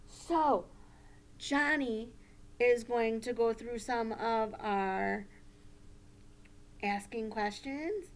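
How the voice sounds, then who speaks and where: A woman teacher running a puppet lesson for young children, gentle and coaching. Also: a little high, slow pace, pauses often.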